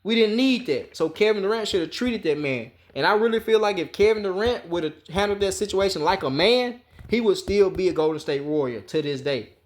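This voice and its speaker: A man's voice: high voice, animated, fairly quick. A man giving an emphatic, profane sports rant, repeating his points as he tells the story. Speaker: sports commentator.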